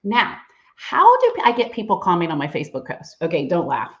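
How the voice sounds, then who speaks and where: Chatty middle-aged woman, animated voice, livestream trainer, dull lo-fi sound. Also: fairly low pitch, fairly quick. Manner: bubbly, chatty, laughs often. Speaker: direct-sales trainer.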